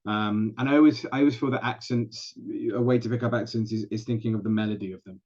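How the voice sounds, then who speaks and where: A man's voice: lowish voice, fairly even intonation, fast, a little mellow, highs cut off. A man with an English accent, a guest actor and dialect coach chatting at length over a video call. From England. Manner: chatty, explains at length with many restarts. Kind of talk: casual interview chat.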